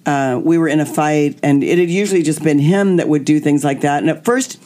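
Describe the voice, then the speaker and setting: A woman's voice: sits low, brisk. A woman guest candidly telling a personal story, acting out what people said. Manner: animated, acts out quotes.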